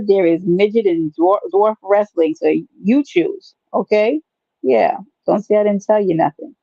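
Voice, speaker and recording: A woman's voice: medium pitch, gravelly, mellow, dry recording, dull audio. A woman hosting a live stream, rambling and teasing her viewers in a playful, chatty way. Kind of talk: casual live stream chat.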